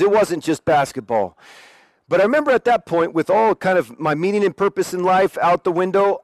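A young man from Oregon telling his personal faith testimony in a lively, self-deprecating way, acting out quotes as he goes. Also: a little high, dry recording. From Oregon, USA.

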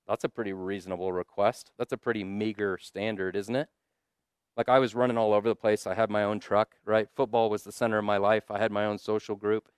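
A man preaching a sermon at a conference in a conversational style, often asking "right?" and slowing down to stress key lines. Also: lowish voice, steady tone, clear, resonant tone, no room sound, studio quality.

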